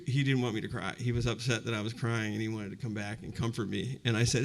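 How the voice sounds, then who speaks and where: This university presenter, a man in his fifties, talks fast with a fairly low, steady voice marked by vocal fry and few pauses. Before a live audience, he tells a personal story conversationally and reflectively, often saying "you know."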